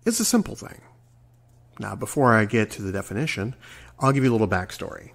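Gravelly, earnest man in his forties. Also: lowish voice, big pitch swings, fairly quick. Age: 40s. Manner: earnest, rambling, trips over words. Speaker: podcast host. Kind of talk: reflective solo podcast monologue.

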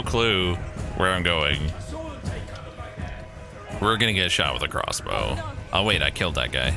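A man with a low voice gives casual live-stream commentary while he plays. His delivery is wry and joking, moves up and down in pitch, and breaks into easy laughs. Game music plays clearly behind him. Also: expressive, unhurried, long pauses.

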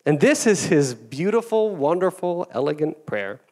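A man's voice: a little high, very animated, normal speed, dark tone. Joking, self-deprecating male pastor. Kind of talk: sermon.

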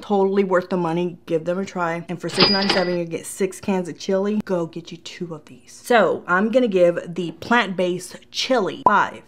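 A woman's voice: lowish voice, normal speed, hardly any pauses, slight background noise. A woman vlogger who grew up in Puerto Rico, reviewing store products in a gushing, chatty way and talking straight to her viewers, with a Southern American accent slipping in. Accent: Southern American slips in. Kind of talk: casual product review vlog.

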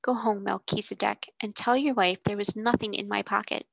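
A woman's voice: mid-range voice, fairly even intonation, moderate pace, vocal fry, fairly bright tone, no room sound. A woman voicing an earnest, thoughtful young girl who loves books, speaking in an eager, sincere way in a storybook reading.

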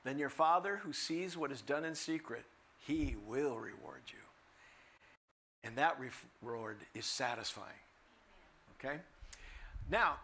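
A guest preacher, an older man with a fairly high voice, gives a sermon in a bright, forceful tone at a normal pace, leaving long pauses. His delivery is animated and sprinkled with humorous asides, and he imitates the voices of the people he quotes.

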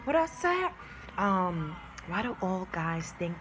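A woman's voice: on the low side, very animated, slow pace, fairly bright tone. A woman vlogging from her new home, brash and sassy, who swears freely and laughs mid-sentence. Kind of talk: casual talk to camera.

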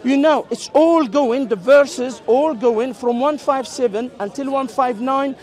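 High-voiced man debating outdoors. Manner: explanatory, interrupts, recites Arabic quickly. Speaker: street debater. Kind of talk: open-air religious debate. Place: outdoor public park.

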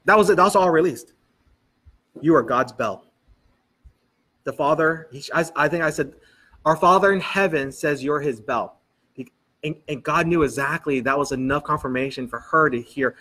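A man delivers a sermon in a church. He tells lively stories and quotes people in dialogue, with a voice sitting a little higher than most men's. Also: a little fast. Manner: animated storytelling, quoting people in dialogue. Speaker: pastor.

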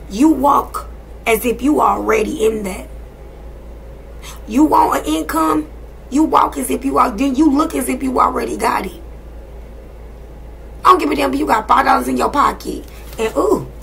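A woman's voice: high-pitched, moderate pace, creaky, long pauses, a bit bright, a little hiss or hum. A woman in her thirties giving a casual tarot and spiritual reading to her viewers, talking bluntly and sassily with plenty of profanity. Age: 30s. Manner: blunt, profane, sassy and emphatic. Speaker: tarot and energy reader.

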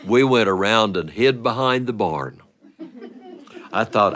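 A man performing a playful family story for listeners, animated and often breaking into laughter. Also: on the low side, a little slow.

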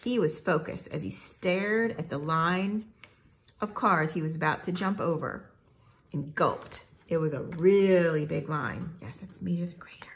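A woman reading a children's storybook aloud in a measured, expressive way. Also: sits low. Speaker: narrator.

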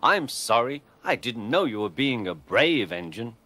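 A man voicing a cross, fussy male barber who speaks slowly and huffily in a storybook reading. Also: mid-range voice, big pitch swings, pushed and bright, slight background noise. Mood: indignant.

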